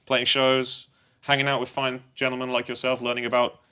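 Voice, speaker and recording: A man's voice: medium pitch, completely flat delivery, fairly quick, bright, forceful tone, smooth. A man from England with a posh English accent, chatting casually and joking as a guest musician. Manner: chatty, jokey, laughs often. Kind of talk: casual chat.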